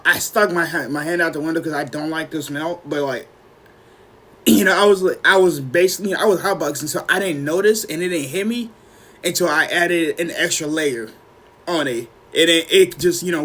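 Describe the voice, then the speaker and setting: A young man with a high-pitched voice tells a long story in a relaxed podcast chat. He acts out what people said, jumping even higher when he quotes them, and keeps clearing his throat. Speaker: podcast co-host.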